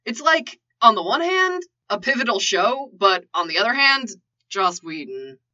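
A woman's voice: on the high side, very animated, a little slow, pushed and bright, exaggerated voice. Woman voicing a joking, flustered young man. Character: dry-witted young man, former soldier. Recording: lo-fi dull recording.

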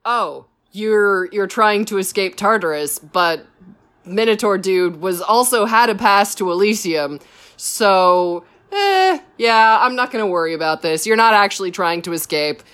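A woman's voice: medium pitch, animated, measured pace, fairly bright tone. A woman voicing a laid-back, indifferent male ferryman who talks in an unbothered drawl.

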